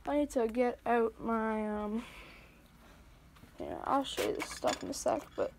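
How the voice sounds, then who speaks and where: A woman with a fairly high, gravelly voice rambles through a casual tour of her hobby workbench, full of hesitations and fillers. The recording has clear background noise and clicks from handling tools. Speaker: scale model hobbyist. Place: home workbench. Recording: noisy home recording.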